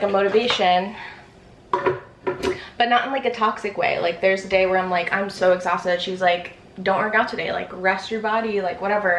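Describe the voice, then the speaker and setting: A woman's voice: medium pitch, a bit bright, slight background noise. A young woman in her twenties chatting casually in a vlog, rambling with lots of fillers, out of breath after a workout. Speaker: vlogger. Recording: echoey room.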